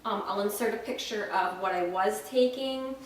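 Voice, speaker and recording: A woman's voice: medium pitch, normal speed, far from the mic. Chatty young woman in an echoey room. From Florida. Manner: chatty, frank, many ums and restarts. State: dry mouth, short of breath. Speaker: vlogger. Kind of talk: casual pregnancy update vlog. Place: at home, indoors. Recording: very echoey room, faint noise, off-mic.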